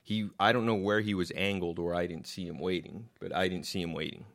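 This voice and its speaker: A man casually telling a story into his own microphone, animated, swearing and repeating words as he gets worked up. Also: deep voice, a little fast.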